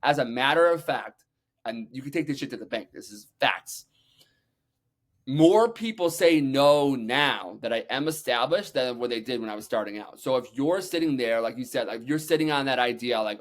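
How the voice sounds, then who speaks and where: Guy on a podcast telling wild stories, super animated, swears a bit, says like a lot. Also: mid-range voice. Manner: energetic, acts out quotes, talks fast with many "like"s. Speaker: podcast guest. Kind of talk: animated storytelling, casual swearing.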